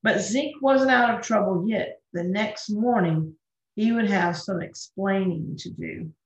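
Slow, gentle woman reading a children's story. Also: mid-range voice. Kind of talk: children's story read aloud. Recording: roomy, dull lo-fi recording.

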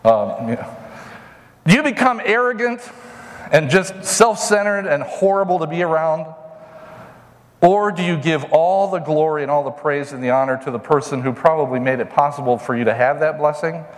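A man's voice: on the high side, animated, normal speed, in a large hall. A pastor preaching a conversational sermon to his congregation in a church, now and then mocking a whiner in a put-on voice. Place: church sanctuary.

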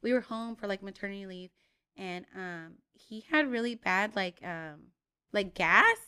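A young adult woman, a podcast co-host, telling a story in animated casual chat, full of "like" and swearing. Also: mid-range voice, unhurried, clean tone.

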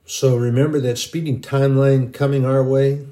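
A man's voice: mid-range voice, little pitch movement, normal speed, warm tone. Earnest middle-aged man preaching. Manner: earnest, rambling, with frequent restarts. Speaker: Christian video preacher. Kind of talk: informal sermon.

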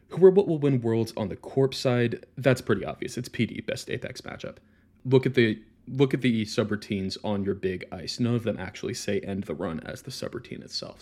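A man giving recorded commentary on a card game in a measured, analytical, mock-dramatic way. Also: on the low side, darkish tone. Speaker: podcast contributor.

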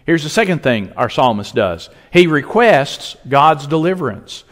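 A man preaching a sermon as pastor, emphatic, with dramatic pauses. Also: a little high, sing-song, big-room sound.

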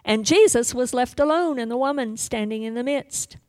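A woman preaching a sermon with passion, rising to loud pleas and dropping to hushed whispers as she retells a scripture story. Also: a little high, normal speed, no room sound.

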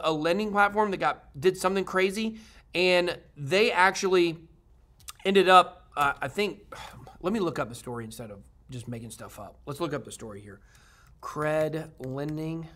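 A man's voice: high voice, pushed and bright. A man hosting a crypto video, talking casually to viewers in a rambling, upbeat way with many fillers and restarts.

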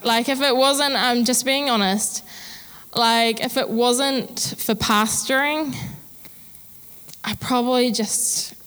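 A woman's voice: a little high, fairly even intonation, slow, a bit bright, clean tone, in a large hall. Candid woman pastor preaching. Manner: candid, chatty, self-deprecating humor. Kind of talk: sermon.

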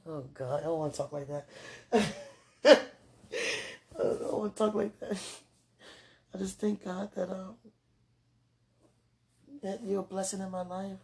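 A woman with a husky, gravelly voice records a casual spoken message to someone she loves. Her tone is mellow and dark, and her talk wanders affectionately, broken up by frequent laughs. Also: mid-range voice, steady tone, a little slow, pauses often. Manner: affectionate, rambling, laughs often.

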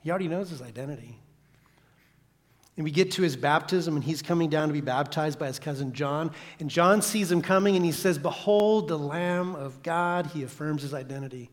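A man giving a sermon as a guest pastor, speaking dramatically and dropping from loud declarations to a hushed whisper. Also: fairly high pitch, fairly quick. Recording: long reverb of a church hall.

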